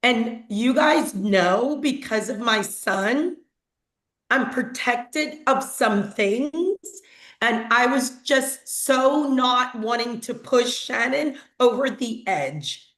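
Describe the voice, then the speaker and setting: A woman's voice: on the high side, lively intonation, slow pace, fairly bright tone. A woman on a team video call, earnestly and emotionally thanking the leaders who helped her. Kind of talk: heartfelt talk on a group video call. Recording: echoey room.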